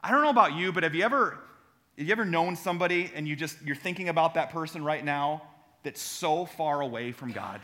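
Pitched on the high side, this pastor's voice is sharp, expressive, and a little fast. The young man preaches in a church sanctuary in a conversational way, spinning humorous stories and calling out to the congregation.

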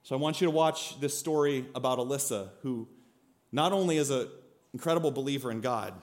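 A man in his thirties preaching a sermon, telling a lively personal story and then speaking quietly and earnestly. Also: mid-range voice, a little fast. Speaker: pastor.

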